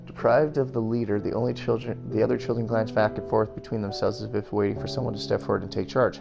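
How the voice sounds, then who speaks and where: Low gravelly man reading a novel aloud. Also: steady tone, fast, few pauses, music in the background. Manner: plain narration broken by wry comments. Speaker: streamer.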